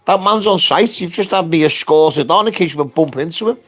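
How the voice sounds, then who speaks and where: A man recounting a dispute at work in a blunt, sweary, loud way, jumping up in pitch to act out what others said. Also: a little fast, soft background music. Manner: animated, jumps pitch to act out quotes. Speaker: construction worker telling his story. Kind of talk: casual storytelling.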